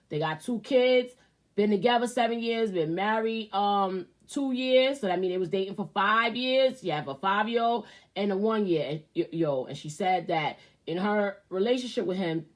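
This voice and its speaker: Give me an expressive woman host reading a viewer letter, loud exclamations mixed with quiet asides. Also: medium pitch. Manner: animated, exclamatory, swings from loud outbursts to muttering asides. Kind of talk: casual advice show, reading a viewer letter.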